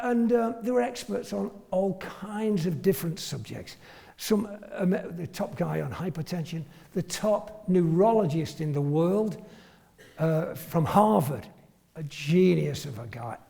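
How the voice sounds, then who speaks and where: Older English raconteur, gravelly, high for a man; comic after-dinner stories, heavy hall reverb. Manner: animated, comic storyteller who acts out quoted voices. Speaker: retired family doctor telling anecdotes.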